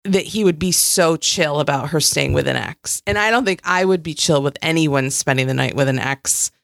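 A woman co-hosting a casual podcast, circling her points with hedges and restarts. Her voice is a little low. The recording is dry and close-miked. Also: normal speed, gravelly, no echo. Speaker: podcast co-host. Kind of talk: casual chat.

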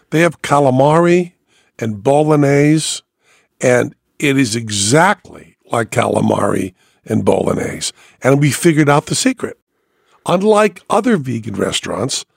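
Gravelly, husky animated male host. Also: medium pitch, unhurried, no room sound, studio quality. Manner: lively storyteller, acts out other people's voices. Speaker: podcast host. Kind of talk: casual chat, animated storytelling.

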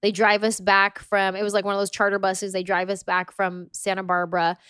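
A young adult woman telling stories as a podcast guest, animated and acting out quotes with frequent laughter. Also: mid-range voice, a little fast, smooth, dry recording, clean studio sound. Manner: animated storyteller, acts out quotes, laughs often. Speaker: guest author. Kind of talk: casual storytelling in a podcast interview.

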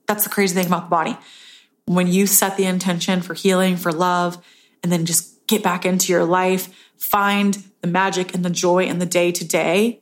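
A woman's voice: steady tone, normal speed. A woman hosting a casual solo podcast, talking earnestly about self-love and often tagging her points with "right?". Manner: earnest, self-help tone, frequent "right?" tag questions; acts out inner voices in a higher pitch. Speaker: podcast host.

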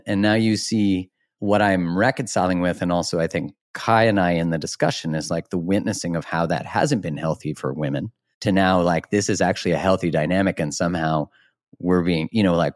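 A man's voice: low-pitched, brisk, dry recording, studio quality. A man hosting a podcast, talking frankly and animatedly, laughing and swearing casually as he shares his views. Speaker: podcast host. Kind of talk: candid conversational interview.

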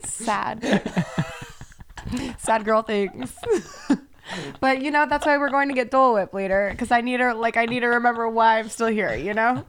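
A young woman chatting on a podcast with a somewhat high voice. She tells stories with lots of swearing and lively swings in tone. Her talk stays loose and casual throughout. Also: brisk, a little hiss or hum. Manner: profane, animated storytelling. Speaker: podcast co-host. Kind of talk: casual chat.

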